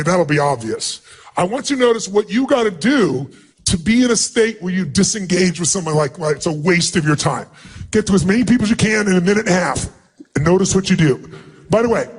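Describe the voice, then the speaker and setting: A middle-aged man as a motivational speaker, addressing a huge live seminar crowd in an emphatic, commanding way and often shouting instructions. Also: high-pitched, breathy edge. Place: large event hall with thousands of people.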